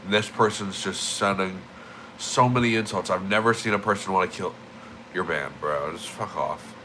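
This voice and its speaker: Low-voiced, rambling, profane young man streaming. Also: normal speed, background noise. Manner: rambling, profane, emphatic with repeated words. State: just woke up. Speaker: livestreamer. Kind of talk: casual streaming rant.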